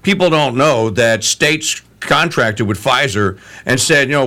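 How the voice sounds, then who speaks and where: A man hosting a talk radio interview, animated and opinionated, often stumbling over restarts. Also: mid-range voice, measured pace, few pauses.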